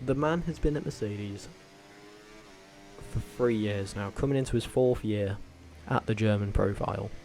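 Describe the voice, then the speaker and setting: A man vlogging casually, talking in a rambling, animated way with frequent self-corrections and tangents. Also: lowish voice, normal speed, vocal fry, a little hiss or hum. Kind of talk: casual opinionated commentary.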